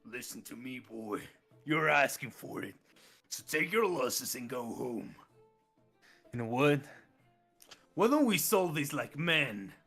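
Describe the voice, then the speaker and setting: A man voicing a hot-tempered male dice player in a tavern, shouting and picking a fight in a tabletop game. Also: medium pitch, very animated, takes it slowly, vocal fry, long pauses, faint music behind, full character voice. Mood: threatening.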